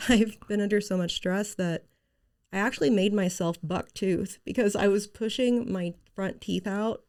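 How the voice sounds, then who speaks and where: A woman's voice: medium pitch, unhurried, darkish tone. A woman guest in a casual conversational interview, speaking with a slight lisp, earnest and candid.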